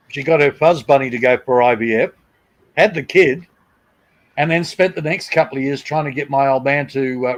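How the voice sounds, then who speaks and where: A man's voice: medium pitch, low-quality recording. A middle-aged man, chatting on a live stream in a blunt, crude, mocking way. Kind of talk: casual chat.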